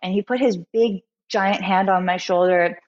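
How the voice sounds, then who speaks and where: A woman guest musician telling a personal story in a candid interview, animated and full of fillers. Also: mid-range voice, normal speed, highs cut off.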